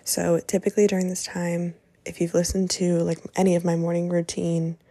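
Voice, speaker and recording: A woman's voice: on the low side, completely flat delivery, fairly quick, warm tone, no room sound. A woman in her twenties, a teacher and podcast host, chatting casually and sleepily about her morning with a rambling manner. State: sleepy, yawning. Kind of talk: casual day-in-my-life narration.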